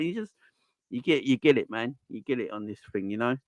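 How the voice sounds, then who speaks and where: A man's voice: mid-range voice, expressive, brisk, dry recording, lo-fi sound. A man hosting a football channel's live stream Q&A, chatting casually and earnestly, repeating phrases for emphasis as he makes his points.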